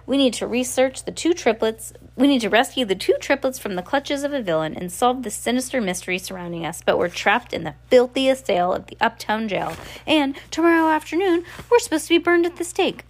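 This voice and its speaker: A woman's voice: on the high side, lively intonation, fairly quick, hardly any pauses, pitched above the performer's own voice. Anxious, bookish teen boy from a storybook, earnest, read by a woman.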